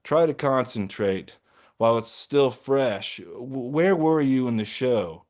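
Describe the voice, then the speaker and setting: A man reading as a gentle flapper ghost. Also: mid-range voice, animated, slow pace. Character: kindly, sad ghostly flapper woman.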